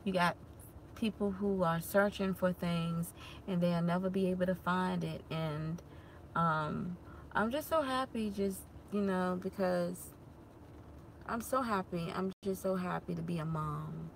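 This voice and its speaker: A woman talking casually to her viewers in a vlog. She tells lively stories, laughing often and acting out what people said, then turns soft and heartfelt when she talks about being grateful. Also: fairly low pitch, measured pace, vocal fry, a little hiss or hum. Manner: animated storyteller who laughs often and acts out quotes. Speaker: vlogger and mother.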